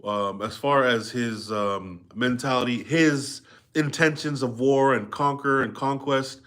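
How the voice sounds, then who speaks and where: A man's voice: medium pitch, a little slow, a bit bright. A middle-aged man reading a history book aloud live, stopping in a conversational way to explain and ask his listeners. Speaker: reader and commentator.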